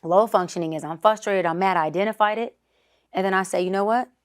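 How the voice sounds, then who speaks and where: Psychologist guest, woman in her thirties, lowish voice, direct and confident. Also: fast. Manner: assertive, acts out example dialogue. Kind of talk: casual interview explaining.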